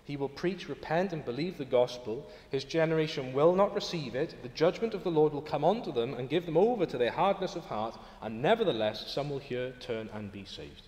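A man's voice: on the high side, expressive, a little fast, few pauses, darkish tone. A man preaching a sermon in a church, earnest and emphatic, often rising to exclamations. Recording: echoey hall with long reverb.

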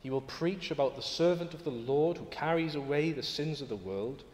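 A man's voice: on the high side, moderate pace, darkish tone. A man preaching a sermon in a church, earnest and emphatic, often rising to exclamations. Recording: echoey hall with long reverb.

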